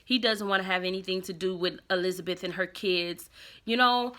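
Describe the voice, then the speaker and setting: Woman, soap recap host, opinionated and animated, bright forward tone. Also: fairly low pitch, a little fast. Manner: chatty, opinionated, acts out characters' lines. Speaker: soap opera reviewer. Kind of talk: casual episode recap and commentary.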